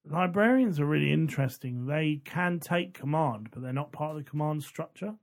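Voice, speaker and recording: Male podcast co-host, gravelly fry in the voice, easy conversational lore talk. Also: fairly high pitch, expressive, normal speed. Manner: conversational, adds lore details. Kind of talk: casual chat about a book.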